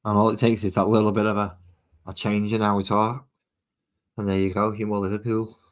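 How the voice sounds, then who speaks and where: A man from Manchester, England, with a Mancunian accent, paints miniatures while rambling chattily to his live-stream chat. His fairly low voice shows little pitch movement and runs a little fast.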